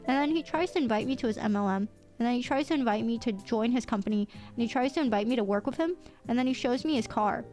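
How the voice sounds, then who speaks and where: A woman livestreamer telling a story to her chat in an animated way, swearing casually and breaking into laughter. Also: fairly high pitch, faint music behind. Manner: excitable, swears casually, quick bursts of laughter.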